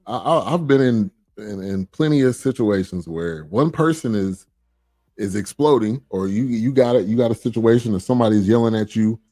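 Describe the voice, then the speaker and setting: Dark mellow guy hosting a podcast, dry close sound, lots of "right", steady explaining. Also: fairly low pitch, dry recording. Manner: agreeable, steady explaining with frequent "right" and fillers. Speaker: podcast host. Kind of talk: casual chat.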